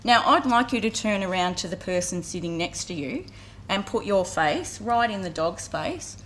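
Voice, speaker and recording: A woman's voice: medium pitch, expressive, moderate pace, fairly bright tone, slight background noise. An Australian woman in her forties giving an earnest public talk at a community campaign launch, telling a story to an audience. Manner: earnest storytelling, acts out voices briefly. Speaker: community vet care speaker. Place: outdoor event with audience.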